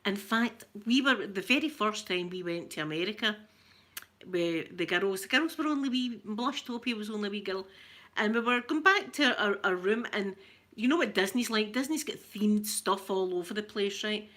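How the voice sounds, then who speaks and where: A Scottish-accented, middle-aged woman from Scotland hosts a livestream for her ASMR channel, talking casually and telling lively stories. Her voice sits in the mid-range, and she speaks at a normal speed.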